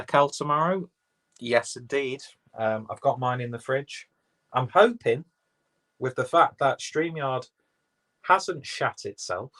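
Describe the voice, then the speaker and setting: An English-accented man with a mid-range, fairly bright voice hosts a casual livestream on a rough recording. He reads viewers' chat comments aloud, rambling and swearing freely.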